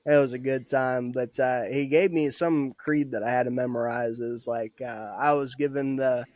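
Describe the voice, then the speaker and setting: A man's voice: mid-range voice, steady tone, normal speed, a little mellow, no echo. A young man in his twenties, a podcast guest telling casual stories about his army training, laughing often and swearing freely. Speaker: podcast guest, former soldier. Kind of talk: casual storytelling.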